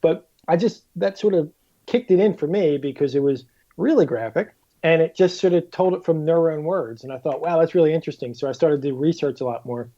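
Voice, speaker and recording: A man chats as a podcast guest, spinning animated stories and acting out what people said. His voice sits a little high and sounds mellow. The audio is dull and lo-fi. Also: a little fast. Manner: animated storyteller, acts out quotes with swearing. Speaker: guest author. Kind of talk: casual podcast chat.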